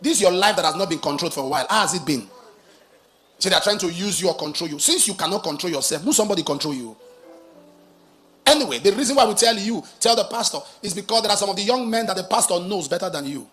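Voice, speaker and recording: A high-pitched man preaching, spinning a dramatic cautionary tale. He swings between quiet asides and loud, emphatic peaks. Soft music plays faintly behind him. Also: expressive, quick pace. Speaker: pastor. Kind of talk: sermon storytelling.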